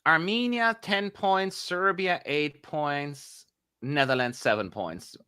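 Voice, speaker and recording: A man co-hosting a live watch-along stream, chatting excitably and grumbling aloud as he tracks what is on screen. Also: a little high, slow pace, smooth, no echo, studio quality. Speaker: livestream co-host.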